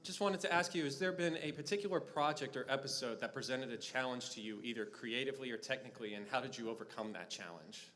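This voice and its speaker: A man's voice: medium pitch, fast, few pauses, a bit bright. A man in the audience asking a polite question at a fan panel. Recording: convention hall reverb.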